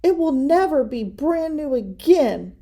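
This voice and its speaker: Storybook cub: a woman playing a fiery little boy bear, shouting, voice jumping high. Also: big pitch swings, a little slow, exaggerated voice. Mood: indignant. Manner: shouting, indignant. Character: upset young boy bear cub, hot-tempered.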